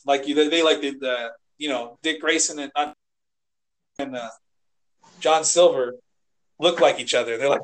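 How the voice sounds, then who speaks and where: A man co-hosting a casual podcast, rambling and animated, swearing and acting out quotes as he retells scenes. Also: a little high, moderate pace. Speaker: podcast co-host. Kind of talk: casual chat.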